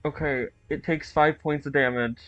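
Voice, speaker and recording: A player in a tabletop game, reacting in halting, flustered bursts. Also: mid-range voice, fairly even intonation, a bit bright, no echo, lo-fi sound. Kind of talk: playing a character in a tabletop game.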